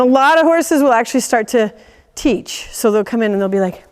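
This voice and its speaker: A woman teaching a class of horse owners, animated, laughing often and acting out quoted voices. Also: medium pitch, fast, clean tone, long reverb tail. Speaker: horse trainer giving a lecture. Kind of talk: lively teaching talk.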